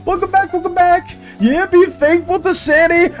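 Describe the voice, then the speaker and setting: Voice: very high voice, fairly even intonation, normal speed, hardly any pauses, soft background music. An art streamer in casual live-stream chat, reading viewers' messages aloud and answering them.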